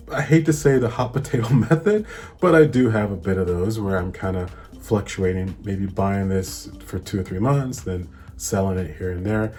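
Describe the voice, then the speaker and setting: A young man with a Hawaiian accent talks through investing basics in a relaxed, chatty vlog, laughing easily as he goes. His voice sits low and mellow, and faint music plays underneath. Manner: easygoing, chatty, laughs often. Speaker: investing channel host. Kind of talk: casual explainer vlog. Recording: soft music behind.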